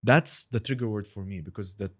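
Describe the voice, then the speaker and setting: A man's voice: lowish voice, a little fast. A man talking casually as a podcast guest, an impressionist who keeps saying "you know" and slips into voices. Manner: animated, breaks into impressions and accents; many fillers like "you know". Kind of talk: casual chat.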